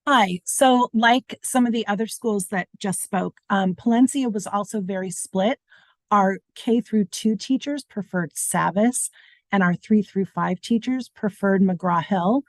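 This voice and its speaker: A woman representing a school, explaining her team's decision in measured terms during an online meeting. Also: medium pitch, no echo. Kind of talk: reporting in a virtual meeting.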